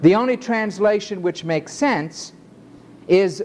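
A male preacher delivering an emphatic sermon in a measured cadence, stretching his phrases out. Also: high-pitched, expressive, a little mellow, slight background noise.

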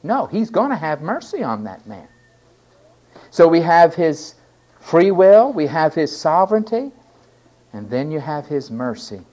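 A man preaching a sermon, stressing key words loudly and then dropping to quiet asides. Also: on the high side, very animated, measured pace. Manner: emphatic, swinging between loud stresses and quiet asides.

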